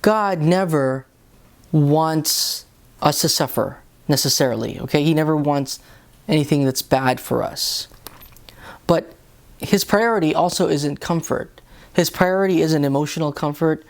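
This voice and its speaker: An earnest man talks through the day's scripture readings in a relaxed, personal way. He speaks casually and restarts phrases often as he gathers his thoughts. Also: fairly high pitch, a little slow, gravelly. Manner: earnest, conversational, with many restarts. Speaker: lay reflection host. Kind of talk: personal Bible reflection.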